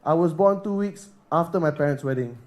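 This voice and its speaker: A man from Singapore doing a stand-up set on a comedy club stage, with a deadpan, self-deprecating delivery. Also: fairly high pitch, brisk, background noise.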